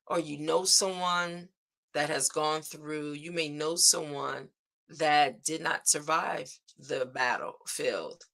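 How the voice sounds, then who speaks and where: Woman hosting a devotional stream, bright tone, deliberate unhurried delivery. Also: low-pitched. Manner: slow, earnest, with spoken declarations and frequent "right?". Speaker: host of a devotional livestream. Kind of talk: inspirational devotional talk. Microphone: streaming setup.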